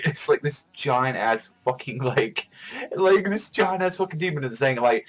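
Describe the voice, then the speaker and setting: A young man giving a casual manga chapter review, excitable and rambling, swearing freely. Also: mid-range voice, normal speed, poor audio. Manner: profane, excitable, rambling with many fillers.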